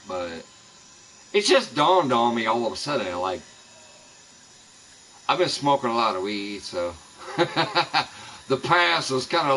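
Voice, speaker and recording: Lower in pitch, this man's voice is pushed and bright, captured on a low-quality recording with a faint hiss or hum. In an angry live stream from his home in the American Midwest, he curses heavily at those he accuses of spreading lies about him.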